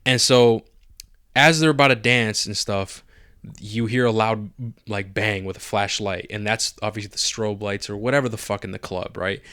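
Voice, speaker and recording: A podcast co-host excitedly recaps a TV episode in casual chat, swearing a lot and acting out the characters' lines. His voice is fairly low, clear, and resonant at a normal speed. The recording is dry and studio quality.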